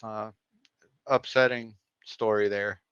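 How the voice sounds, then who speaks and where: Male co-host, lowish voice, relaxed recap delivery, dry and slightly muffled stream audio. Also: slow pace, clear, resonant tone, no room sound. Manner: easygoing, recaps with short affirmations and filler "uh". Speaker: co-host of a veteran livestream show. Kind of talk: casual livestream recap chat.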